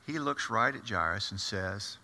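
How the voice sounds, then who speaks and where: A man's voice: on the low side, lively intonation, moderate pace, pushed and bright, full character voice. A man performing a first-person monologue as the apostle Peter, a blunt and impetuous fisherman, with chatty, confiding asides to the audience. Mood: storytelling. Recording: echoey hall.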